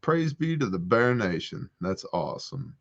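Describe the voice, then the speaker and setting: A man's voice: on the low side, moderate pace, gravelly, dull audio. A man hosting a prepper Q&A livestream on a porch, chatting and joking as he reads viewer comments. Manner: joking, animated storyteller. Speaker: host. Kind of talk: livestream Q&A chat.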